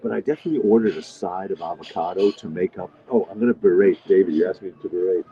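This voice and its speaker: Very deep-voiced man chatting from a diner. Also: fast talker, dark tone. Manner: rambling, chatty, reads and answers viewer comments. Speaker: livestream host. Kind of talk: casual live chat with viewers. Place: restaurant diner. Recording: dull lo-fi sound with faint music.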